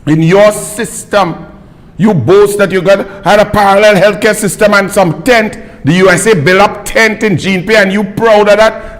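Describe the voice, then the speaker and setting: A man's voice: high-pitched, measured pace, fairly bright tone, big-room sound. A Trinidadian man hosting live political commentary, scornful, heated and insulting.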